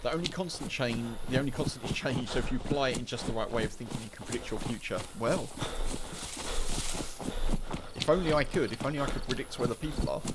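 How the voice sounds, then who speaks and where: British man streaming, loud game noise. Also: medium pitch, quick pace. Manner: rambling, chatty, repeats and restarts phrases. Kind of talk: live gameplay commentary. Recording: loud game sounds behind voice.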